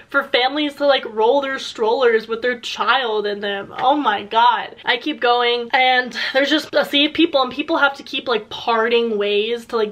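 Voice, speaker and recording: Laughing young woman telling a story. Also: fairly high pitch. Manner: animated, laughs often, many "like" fillers. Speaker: YouTuber. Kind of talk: casual storytelling.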